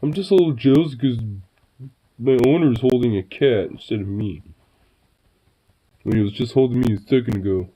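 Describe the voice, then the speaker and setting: A man voicing his jealous pet dog in a mild, slightly higher mumbled aside. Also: moderate pace, long pauses, warm tone, close to an everyday voice, poor audio. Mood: sulky.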